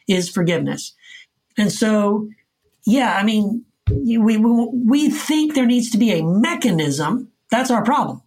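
A man being interviewed as an author guest, explaining his ideas earnestly in casual conversation, repeating words for emphasis. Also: sits high. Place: Texas.

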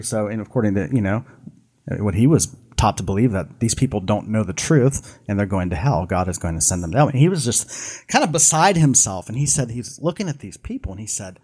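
A man's voice: fairly low pitch, animated, fast talker, darkish tone, slightly rough. A man co-hosting a live podcast, telling a long story with many restarts and asides. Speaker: podcast co-host.

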